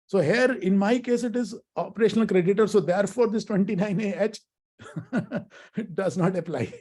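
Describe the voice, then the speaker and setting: A middle-aged man lecturing a workshop on law. His voice sits high for a man. He keeps checking in with his listeners, calls them friends and asks questions as he goes. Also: normal speed, a little mellow. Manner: teacherly, asks questions, addresses audience as friends. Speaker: workshop speaker, lawyer.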